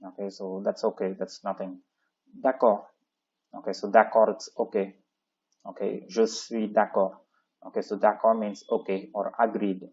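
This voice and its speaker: A man's voice: fairly low pitch, flat delivery, unhurried, darkish tone, husky. A man teaching a French textbook lesson, explaining in with many "okay, so" fillers and reading French phrases aloud. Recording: dull lo-fi sound.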